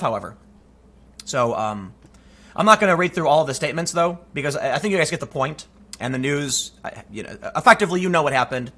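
A man's voice: on the high side, fairly bright tone. A man giving emphatic, conversational opinion commentary and telling a personal story. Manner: emphatic, conversational, frequent restarts. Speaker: political commentator.

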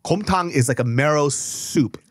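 A male podcast co-host in casual chat, telling animated stories with swearing and laughter. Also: a little high, measured pace, no room sound, studio quality. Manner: animated storyteller, swears, laughs mid-sentence.

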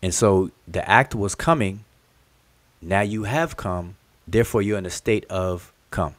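Low-voiced man teaching on a livestream. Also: measured pace, no room sound. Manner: patient, explanatory, repeats key words and addresses the chat directly. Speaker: host teaching hieroglyphic writing. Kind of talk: livestream lesson explaining inscriptions.

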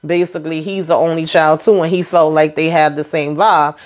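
A woman casually recapping a TV episode, chatty and animated, speaking frankly and mildly cursing as she calls out the characters. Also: low-pitched, a little fast. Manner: frank and blunt, with mild swearing. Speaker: TV episode reviewer.

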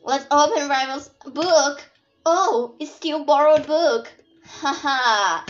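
A woman's voice: high voice, slow pace. A woman from Brazil giving casual, sarcastic gameplay commentary and swearing often. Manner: playful, sarcastic, swears a lot. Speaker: gameplay streamer. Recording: dull lo-fi audio with faint game music.

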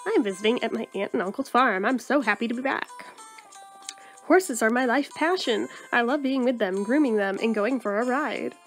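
A woman's voice: fairly high pitch, moderate pace, faint music behind, close to an everyday voice. A woman voicing a cheerful young woman who loves horses, reading the game's text in an eager, chirpy way.

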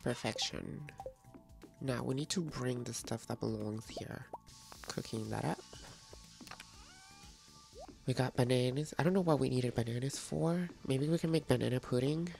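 A woman with a raspy, creaky voice hosts a relaxed let's-play. She chats and jokes with her viewers and talks to the game's characters. Faint music plays underneath. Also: extremely low pitch, moderate pace, pauses often. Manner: chatty and playful, talks to game characters and viewers. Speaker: gaming video host. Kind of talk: casual let's-play commentary.

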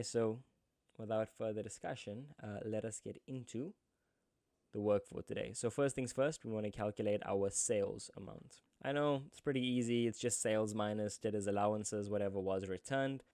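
Jokey man, lowish dry voice. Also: a little mellow, no echo. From South Africa. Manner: jokey asides, chatty. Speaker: accounting teacher. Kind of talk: screen-recorded tutorial.

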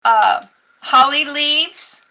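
A woman's voice: sits high, very slow, gravelly, bright, forceful tone, highs cut off. A woman teaching a casual painting lesson at a craft table, chatty and encouraging as she explains each step. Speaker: craft instructor.

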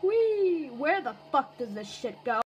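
A woman's voice: high voice, sing-song, unhurried, highs cut off, a little hiss or hum. Woman doing a swearing, murderous robot. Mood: grumbling. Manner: hums tunelessly and swears constantly. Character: foul-mouthed murderous box-carrying robot, grumpy. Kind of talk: comic voice-over dub.

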